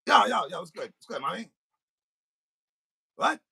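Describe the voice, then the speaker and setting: Man, podcast host, husky and bright, animated storytelling, acts out phone calls. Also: high voice, fast talker. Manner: animated, acting out both sides of phone calls. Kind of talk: comedic storytelling rant. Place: recording studio.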